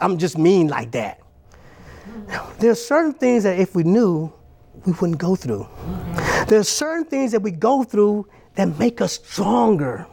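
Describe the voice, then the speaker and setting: A man's voice: high voice, vocal fry, darkish tone. A man preaching a sermon, emphatic and repetitive, building his points up line by line.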